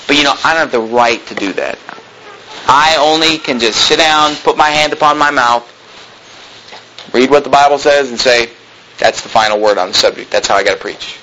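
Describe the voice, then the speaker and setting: A man preaching a sermon to his congregation, plain-spoken and emphatic. He drives his points home with rhetorical questions. His voice sits a bit high and comes across tense and forceful, with a faint hiss behind it. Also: rough recording. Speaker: pastor.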